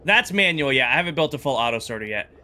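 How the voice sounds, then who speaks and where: Male live streamer, casual thinking-aloud chatter, crisp bright tone, medium pitch. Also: expressive, fast talker. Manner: chatty, thinks aloud and greets chat viewers. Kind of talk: casual live-stream chat while gaming.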